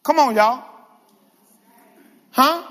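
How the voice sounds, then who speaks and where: Guy preaching in a church, real high voice, calls out to the crowd, big hall echo. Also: extremely slow. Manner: animated, calls to the congregation. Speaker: guest preacher. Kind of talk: sermon.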